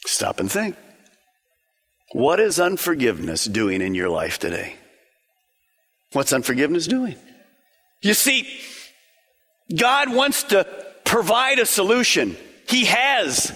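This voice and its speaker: A man's voice: fairly high pitch, very animated, a little slow, pauses often, fairly bright tone, long reverb tail. A male pastor preaching a sermon, emphatic and full of rhetorical questions and lists.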